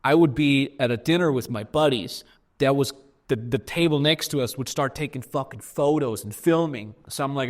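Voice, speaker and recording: A man's voice: medium pitch, moderate pace. A man from Austria, a podcast guest telling stories candidly in conversation, blunt and profane with frequent repetitions.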